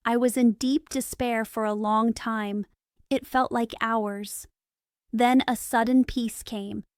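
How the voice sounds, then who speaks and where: A dying asylum patient from a gothic audiobook, pleading with breathless urgency, as a woman reads him. The delivery is unhurried and crisp. The sound is dry and close. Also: on the high side, fairly even intonation, darkish tone, no room sound. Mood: urgent. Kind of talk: audiobook reading for English learners.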